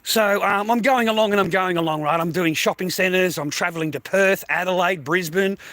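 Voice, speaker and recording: A man's voice: sits high, normal speed, pushed and bright, no room sound. An older Australian man rambling casually to his livestream viewers, swearing constantly and calling the listener mate and bro. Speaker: livestream host.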